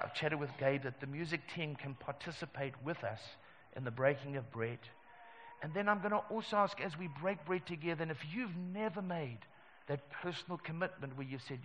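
A pastor leading a communion sermon and prayer, talking earnestly and emphatically and repeating key phrases. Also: male voice, medium pitch, a bit bright, big-room sound, slight background noise, rough recording. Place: church service.

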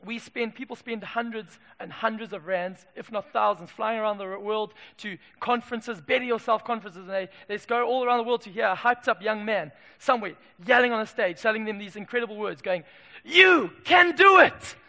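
Male pastor, high and bright, emphatic and punchy, booming hall reverb. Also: fairly even intonation, a little fast, few pauses. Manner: emphatic, swings from loud declarations to quiet asides. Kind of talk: sermon. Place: church.

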